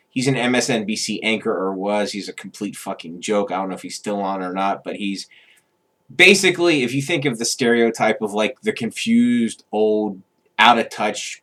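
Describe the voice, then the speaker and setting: A man in the middle of a political rant, swearing freely and pausing on many "uh" and "um" fillers. His voice is somewhat low. He sounds agitated and blunt. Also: fairly bright tone. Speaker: vlogger.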